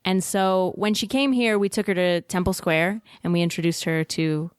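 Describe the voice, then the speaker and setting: Lower-voiced bubbly radio host woman. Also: steady tone, clear, resonant tone, dry recording, clean studio sound. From Arizona. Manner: bubbly storytelling, quick laughs. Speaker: guest, morning radio host and comedian. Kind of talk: casual interview chat.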